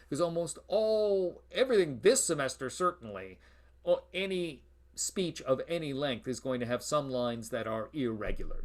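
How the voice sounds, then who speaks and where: A man giving a university lecture on verse, explaining patiently and chanting stress patterns aloud. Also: fairly low pitch. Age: adult, past high school. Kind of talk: classroom lecture.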